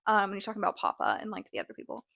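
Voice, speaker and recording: A woman hosting a casual TV recap vlog, talking in a chatty, animated way with lots of "like" fillers. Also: mid-range voice, rapid-fire, creaky, dry recording, muffled recording. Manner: animated, exclaims and laughs. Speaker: show recap host.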